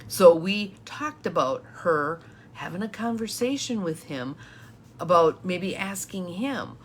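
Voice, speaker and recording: A woman with a somewhat low voice talks through a live-streamed coaching session. She is chatty and laughs often as she speaks to her viewers. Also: lively intonation, takes it slowly, slight background noise. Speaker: empowerment coach.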